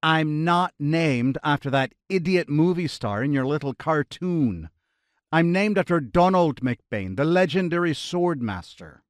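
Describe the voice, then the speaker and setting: A man voicing a huffy high-voiced swordsman with an Irish lilt. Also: animated, unhurried, no echo, studio quality. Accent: faint Irish. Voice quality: slightly high-pitched. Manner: complaining, huffy.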